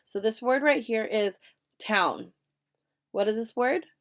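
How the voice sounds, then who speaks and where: A woman teacher giving a reading lesson to young children, speaking slowly and clearly and asking the class questions. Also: on the high side. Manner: slow, clear classroom delivery with questions to students.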